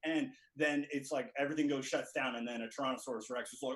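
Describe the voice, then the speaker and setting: A man's voice: mid-range voice, fairly even intonation, fairly bright tone, poor audio. Crude rambling male comedian. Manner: rapid, crude, laughs at own jokes. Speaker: comedian contestant. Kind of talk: rambling comic movie retelling.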